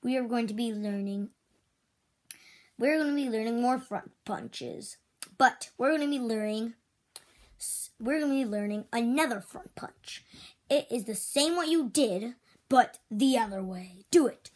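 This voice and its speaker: A woman voicing a strict female toy karate teacher in make-believe play, switching between loud drill shouts and whispers. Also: fairly high pitch, unhurried. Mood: bossy.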